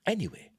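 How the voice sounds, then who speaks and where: A man's voice: warm tone, no echo, studio quality. A man with a Yorkshire accent hosting a live news stream, reading articles aloud with chatty, joking asides.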